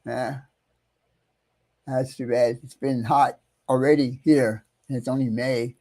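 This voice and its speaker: Gravelly easygoing man hosting a livestream. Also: mid-range voice, level tone, slow pace, dark tone. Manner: easygoing, chatty, frequent uh fillers and throat clearing. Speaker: livestream host. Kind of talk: casual live chat greeting viewers.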